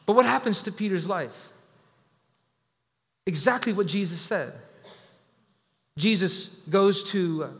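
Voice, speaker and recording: A man with a high, light voice delivers a sermon in a church, and his words ring out with a long reverb. He repeats key phrases for emphasis and builds up to fervent passages. At times he drops into a quiet, personal storytelling tone. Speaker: pastor.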